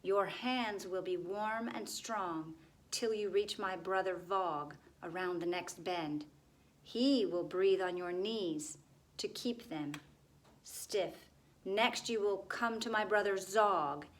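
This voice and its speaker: Woman putting on a sorrowful male gargoyle, hushed, pleading, storybook. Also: medium pitch, slow, close to an everyday voice.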